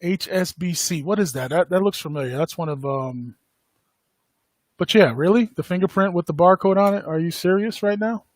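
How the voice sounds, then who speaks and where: A man's voice: high voice, moderate pace, no echo. A man hosting a podcast, talking casually and rambling, with lots of fillers and frequent laughs. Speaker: podcast host. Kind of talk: casual livestream commentary.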